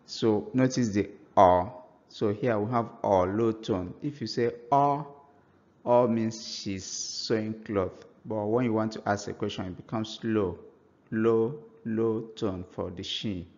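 Slow, low-voiced man teaching a language. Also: steady tone, darkish tone, highs cut off. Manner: slow, patient explanations, spelling out example phrases. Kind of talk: language lesson.

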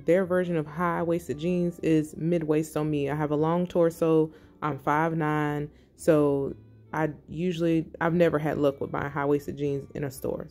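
A middle-aged woman narrating her fashion haul in a quiet, breathy, relaxed ASMR-style voice-over. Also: low voice. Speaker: fashion vlogger.

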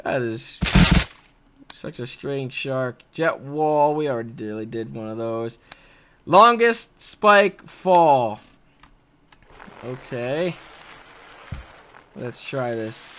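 A young man doing excitable let's play commentary, yelping, shouting and swearing at game mishaps. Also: mid-range voice, slow, pauses often, clean tone. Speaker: gaming video host.

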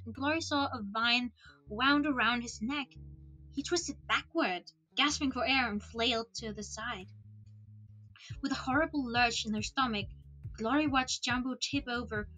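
A woman's voice: fairly high pitch, sharp tone, low-quality recording. A woman streamer reading a novel aloud expressively, with laughing asides, into a desk microphone.

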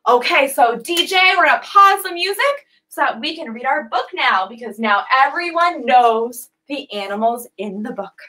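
A woman's voice: high voice, normal speed, few pauses, low-quality recording. Bubbly woman leading kids yoga. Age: 20s. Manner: animated, sing-song, playful animal sounds. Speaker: children's yoga instructor. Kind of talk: livestreamed kids yoga class. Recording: faint music behind the voice.

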